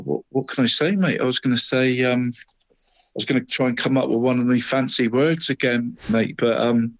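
A man's voice: on the high side, dry recording. A man co-hosting a casual football chat, rambling and saying "mate" in nearly every line. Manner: chatty, says "mate" constantly, rambling restarts. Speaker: co-host.

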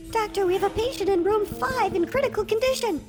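A man in strained falsetto playing a fretful woman, nurse or patient, in a spoof TV drama skit, with music underneath. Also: quick pace. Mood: worried.

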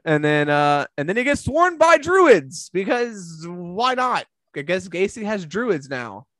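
A man's voice: high-pitched, very animated, a little slow, fairly bright tone, no room sound. A man hosting a casual recap chat, rambling with fillers and swearing freely. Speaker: podcast host.

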